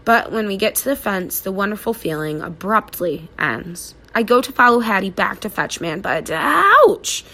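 A woman narrating a children's storybook aloud in an expressive, animated way. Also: medium pitch, normal speed, hardly any pauses.

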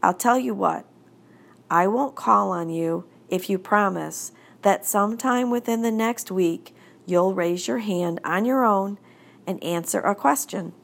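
A woman's voice: mid-range voice, unhurried, creaky. A woman voicing a stern, moody schoolteacher who speaks in a prim, grumbling way, in an audiobook reading. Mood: calm, coaxing. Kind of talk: audiobook character voice.

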